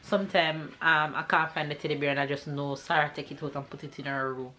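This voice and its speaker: A woman's voice: low voice, fairly even intonation, quick pace, pushed and bright, slight background noise. A Jamaican woman in her thirties chatting casually to her vlog camera at home, laughing often and playing with her toddler. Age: 30s. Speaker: family vlogger. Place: home bedroom.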